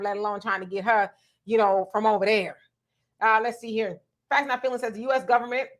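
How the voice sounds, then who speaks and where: Lively, bright-voiced woman host. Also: a little high. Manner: animated storytelling, laughs often, reads viewer comments aloud. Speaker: host of a live talk stream. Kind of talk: casual live-stream chat reading comments.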